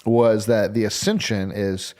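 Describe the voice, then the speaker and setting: A man's voice: lowish voice, level tone, unhurried, a little mellow. A man co-hosting a casual church podcast, asking questions and laughing a lot. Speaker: podcast co-host. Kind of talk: casual chat.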